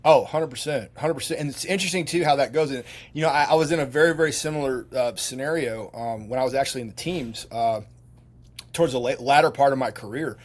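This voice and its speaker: A man's voice: mid-range voice, fast. Middle-aged guy rambling through old stories on a podcast, lots of uh and you know. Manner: rambling, many restarts and fillers. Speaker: podcast guest, retired Navy SEAL. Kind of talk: casual storytelling.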